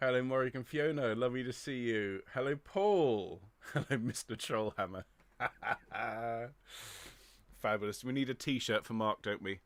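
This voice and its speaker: A man's voice: mid-range voice, unhurried, dry recording. A middle-aged man leading an online choir rehearsal from his home studio, chatting and greeting viewers by name. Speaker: choir director. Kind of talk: livestream rehearsal chat.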